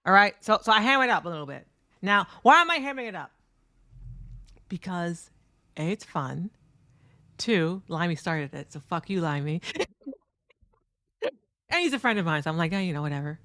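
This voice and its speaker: A woman recounting a tournament over her match footage in a candid, profane, animated way. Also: on the low side, moderate pace, pauses often, dry recording, clean studio sound. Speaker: streamer and competitive fighting game player.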